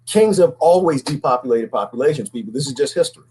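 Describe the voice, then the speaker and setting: A man's voice: mid-range voice, animated, fast talker, a little mellow, breathy edge, rough recording. A man talking alone in a casual, preachy monologue, often asking "right?" and repeating words. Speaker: commentary host.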